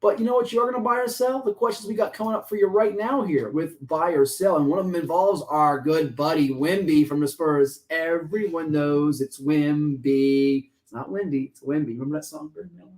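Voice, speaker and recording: Sports talk host guy, rattles along quick, jokey and excitable, voice sits a bit high. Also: poor audio. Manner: fast, excitable, jokey and talkative.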